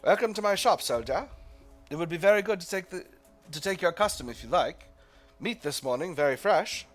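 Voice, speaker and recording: A man's voice: fairly high pitch, huge pitch swings, rapid-fire, a bit bright, breathy edge, soft background music, heavily acted. A man voicing a nervous middle-aged male butcher with a faintly British put-on accent, hesitant and eager to please. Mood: friendly.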